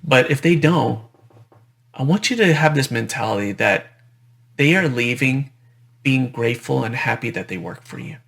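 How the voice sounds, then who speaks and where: A dentist giving a conversational conference presentation, often repeating phrases and adding "right?" tags. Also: male voice, mid-range voice, animated, normal speed, gravelly, a bit bright.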